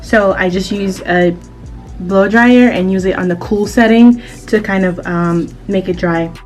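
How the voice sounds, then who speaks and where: A woman giving a relaxed, chatty hair tutorial as a vlogger, with frequent filler sounds. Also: medium pitch, unhurried, soft background music. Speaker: beauty vlogger. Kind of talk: casual tutorial narration.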